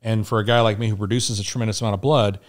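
Lower-pitched middle-aged man telling a story. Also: racing. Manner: candid, profane, animated retelling. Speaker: podcast guest. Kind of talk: casual storytelling.

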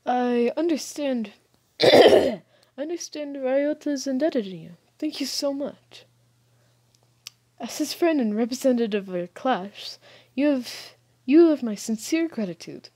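A woman's voice: high voice, animated, measured pace, mellow, pitched above the performer's own voice. A woman voicing a polite, formal teenage schoolboy who is the class rep, reading a game's dialogue aloud in a prim, stiff way. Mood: earnest.

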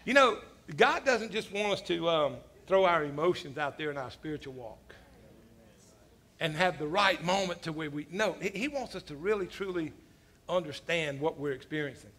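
A pastor preaching a sermon, telling animated, self-mocking stories full of casual asides like "man" and "you know.". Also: on the high side, moderate pace. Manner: self-deprecating humor, laughs at his own stories.

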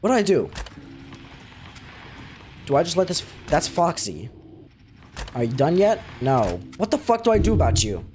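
A man's voice: on the high side, very animated, moderate pace, long pauses, a little mellow, soft background music. Jumpy, swearing young gamer guy. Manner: jumpy, swears a lot, talks back to the game. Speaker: gaming video creator. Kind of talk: live reactions while playing a horror game.

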